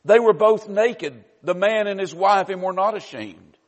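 A man preaches a sermon in a church sanctuary, his voice sitting a little high for a man. He teaches conversationally and drops in wry asides. A long hall reverb trails each phrase. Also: measured pace.

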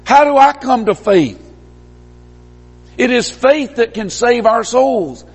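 A man's voice: animated, takes it slowly, slightly rough. Male preacher in a reverberant hall. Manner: emphatic, rising to stressed peaks then dropping low. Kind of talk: sermon.

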